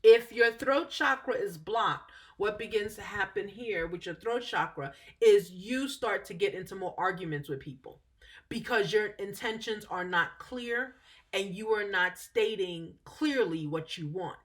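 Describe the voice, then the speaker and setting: A woman talks her listeners through spiritual ideas in a loose, conversational way. She keeps checking in with "okay?" and stops to correct herself now and then. Her voice sits at an ordinary middle pitch. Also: unhurried, a bit bright. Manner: chatty, frequent "okay?" check-ins, self-correcting. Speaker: spiritual teacher. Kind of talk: casual explanatory talk.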